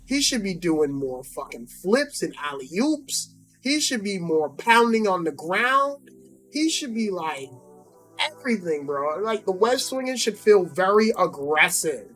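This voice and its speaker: A man reacting to a game trailer in casual, profane, excitable commentary, repeating himself. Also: high-pitched, a little slow, soft background music. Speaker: YouTube reaction host.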